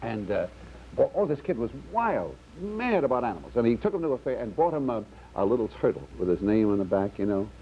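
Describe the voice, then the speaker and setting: Man, rambling comedian telling a long story, lively pitch, dull old TV sound. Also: a little fast. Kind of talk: joke telling at a round table. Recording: dull old TV audio with faint noise.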